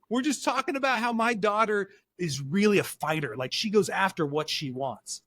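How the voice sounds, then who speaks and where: A man speaking as a parenting counselor guest on a podcast, animated and acting out dialogue as he tells stories. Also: high-pitched, normal speed, few pauses, dry recording. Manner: animated, acts out quotes in different voices. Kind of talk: podcast interview, storytelling.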